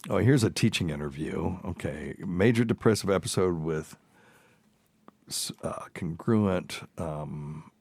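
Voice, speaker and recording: A man's voice: deep voice, measured pace, vocal fry, a little mellow, slightly rough, no room sound. A male doctor hosting a podcast, chatting casually with fillers and frequent laughter. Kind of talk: casual chat.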